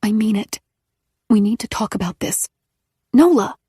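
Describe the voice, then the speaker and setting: A woman voicing a nervous woman who speaks hushed and strained in an audiobook. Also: mid-range voice, level tone, moderate pace, breathy edge, no echo, clean studio sound, voice pushed up. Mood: anxious.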